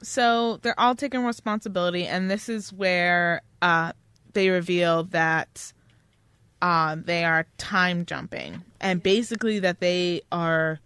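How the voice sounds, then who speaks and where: A woman's voice: lowish voice, fairly even intonation, takes it slowly, fairly bright tone, smooth, no room sound. A young woman co-hosting a podcast, casually recapping a play's plot and joking at her own expense. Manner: self-deprecating, recaps plot, laughs often. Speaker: podcast co-host. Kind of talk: casual book discussion chat.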